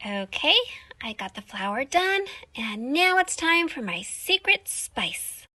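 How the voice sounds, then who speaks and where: A woman's voice: sits high, very animated, slow pace, no echo, clean studio sound, full character voice. A woman voicing a cheerful young baker girl in a children's cartoon, chatty and talking to herself. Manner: bright, chatty, talks to herself. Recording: background music under the voice.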